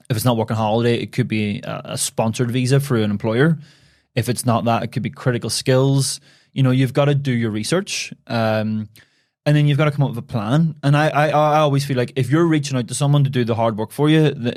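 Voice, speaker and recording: A man's voice: medium pitch, steady tone, quick pace, a little mellow, dry recording, clean studio sound. A man with a Northern Irish accent, a podcast guest chatting casually with many restarts and asides. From Northern Ireland. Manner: chatty, frequent restarts and "you know". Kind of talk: casual interview chat.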